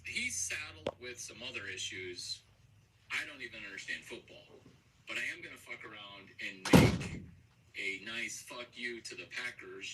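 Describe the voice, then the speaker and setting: A man delivering a rambling, profane monologue with erratic, jumpy delivery and sudden loud outbursts. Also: medium pitch. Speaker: vlogger. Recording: distant mic with faint background noise.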